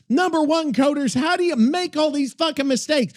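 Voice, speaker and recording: A man's voice: very high voice, moderate pace, hardly any pauses. A man hosting a gaming podcast, ranting animatedly and swearing a lot as he acts out characters in a casual style. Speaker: podcast host.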